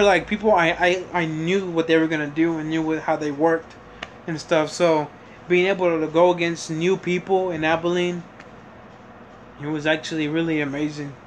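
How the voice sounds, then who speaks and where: A man's voice: on the high side, a little hiss or hum. A young man telling a rambling personal story in a casual vlog, full of fillers, self-corrections and the odd swear word. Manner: occasional swearing. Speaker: vlogger.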